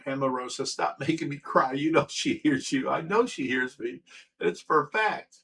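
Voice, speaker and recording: Casual livestream host, male, a little high-pitched, emotional and frank as he reads chat aloud. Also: normal speed, vocal fry, fairly bright tone, poor audio. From Ohio.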